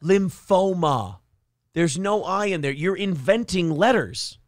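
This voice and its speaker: A man's voice: high-pitched, animated, normal speed, dry recording, clean studio sound. Sarcastic man hosting a morning show. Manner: sarcastic, mocking, laughs often. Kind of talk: casual comedic chat. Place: radio studio.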